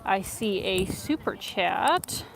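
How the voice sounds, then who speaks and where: A Ukrainian travel vlogger walks across a footbridge in a winter city, chatting upbeat on a live-stream and reading out viewer messages. Her medium-pitched voice is expressive and slow, captured by a rough phone recording. Street ambience, passers-by and an accordion player are clearly heard.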